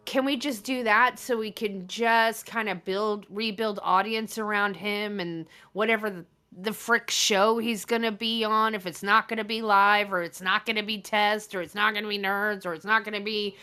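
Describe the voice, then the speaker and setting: A woman's voice: medium pitch, pushed and bright, clean tone. A woman co-host in casual panel chat, talking animatedly and building into emphatic pleas. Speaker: podcast co-host.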